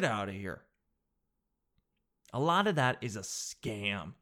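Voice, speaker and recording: A young man in his twenties performing a stand-up comedy routine, talking in an animated, slangy way and jumping into quick impressions of other people. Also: fairly low pitch.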